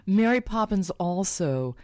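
A woman interviewer asking measured, thoughtful questions. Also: medium pitch, expressive, darkish tone, no room sound, studio quality.

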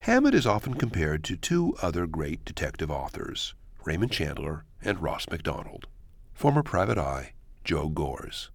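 Very deep-voiced radio host. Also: male voice, wildly swooping pitch, normal speed, gravelly, no room sound. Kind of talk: scripted radio narration.

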